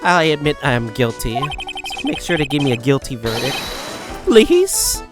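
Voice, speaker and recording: A man's voice: sing-song, normal speed, close to an everyday voice. A man voicing a jittery, stammering young man eager to be found guilty, over game music. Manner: nervous, stammering, high-strung.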